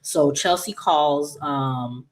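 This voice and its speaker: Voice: mid-range voice, extremely slow. A channel host casually recapping a soap opera episode, rambling with many "um"s and "she was just like," and quoting the characters as they go. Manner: retells scenes by quoting characters in their voices.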